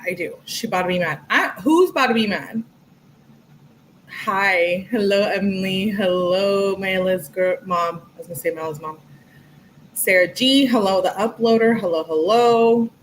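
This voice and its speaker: A woman's voice: medium pitch, poor audio. Woman livestream host at home; chatty, profane, talks straight to her chat. Mid-range voice, faint noise behind. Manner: chatty, swears freely, greets chat viewers. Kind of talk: casual livestream commentary.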